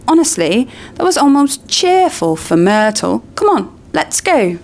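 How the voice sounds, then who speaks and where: A woman voicing a brisk, bossy young schoolgirl with a falsely bright, exasperated manner while reading a book aloud. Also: a little high, very animated, pitched above the performer's own voice.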